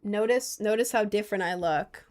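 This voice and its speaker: Young woman, casual vlogger, animated storyteller, mid-pitched voice. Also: moderate pace. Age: young adult, about 20. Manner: chatty, animated storytelling, mocking quoted voices. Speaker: content creator. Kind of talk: casual chat to viewers.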